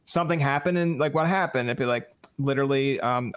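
This man hosts a podcast, and his smooth, mid-range voice moves fast. His chat is casual and lively, and when he tells a story he performs the quoted voices of the people in it.

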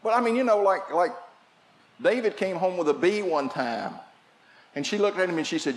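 An older man preaching a sermon, telling family stories and shifting from shouts to quiet asides. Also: a little high, expressive, fairly quick. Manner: storytelling preacher, swings from shouting to hushed. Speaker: pastor.

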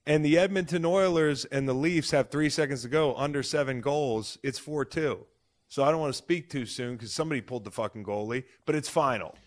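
A man in his thirties hosting a casual sports podcast, excitable and loud, swearing freely as he talks. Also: medium pitch, brisk. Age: 30s. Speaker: podcast host.

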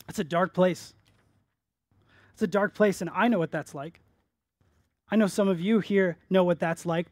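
A male pastor preaching a sermon in church, earnest, rising to emphatic peaks and dropping soft on key phrases. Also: high-pitched, no room sound.

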